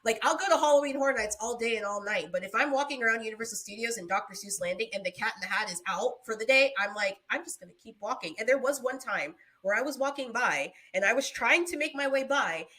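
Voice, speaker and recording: Animated woman telling a story with laughs. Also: a little high, fast talker, hardly any pauses. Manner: animated storytelling, laughs often, acts out screams. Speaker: podcast co-host. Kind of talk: casual chat.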